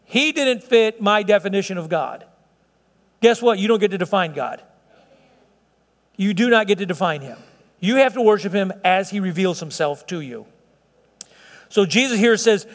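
A man preaching a sermon as pastor, slowing down and stretching words for emphasis as his intensity rises. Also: high-pitched, animated, in a large hall.

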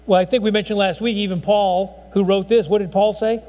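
Guy preaching a chatty sermon, kinda high voice, rambles and restarts a lot, big reverby hall. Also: steady tone, brisk, few pauses, a little mellow. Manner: rambling, folksy, frequent restarts. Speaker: pastor. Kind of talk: conversational sermon.

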